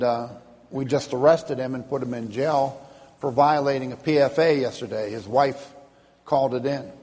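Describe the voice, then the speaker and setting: A man's voice: medium pitch, gravelly, darkish tone. A man preaching a sermon as a pastor, telling stories and acting out the voices of the people in them. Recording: long hall reverb.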